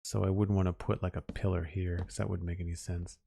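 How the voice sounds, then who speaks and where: A man's voice: low-pitched, flat delivery, brisk, gravelly, warm tone, slight background noise. A man chatting casually on a live stream while he builds, musing aloud and chuckling at himself.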